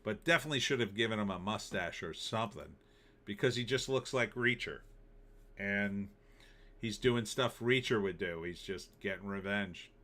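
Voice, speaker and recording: A man's voice: on the low side, moderate pace, sharp tone. A middle-aged man hosting a casual live stream, talking in an opinionated, sarcastic, loose way. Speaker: host.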